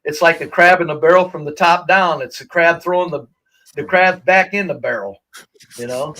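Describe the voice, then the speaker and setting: A man's voice: on the high side, moderate pace, bright, forceful tone, rough recording. A man chatting on a livestream as a regular guest, rambling with many restarts and a lot of swearing. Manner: rambling, profane, lots of restarts. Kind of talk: casual livestream chat.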